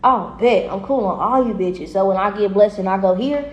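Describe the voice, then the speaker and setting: A woman gives a casual tarot reading in a mid-pitched voice, blunt and full of profanity. She talks in an animated way and laughs often. The sound is roomy and echoey. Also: moderate pace, lo-fi sound, background noise. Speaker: tarot reader. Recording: echoey room.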